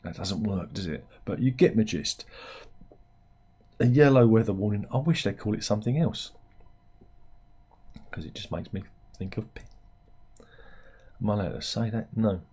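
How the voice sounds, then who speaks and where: A man's voice: fairly low pitch, lively intonation, normal speed, long pauses, dark tone, slightly rough. A British man hosting a satirical news commentary, rambling along with jokey asides as he reads out headlines. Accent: British English. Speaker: host.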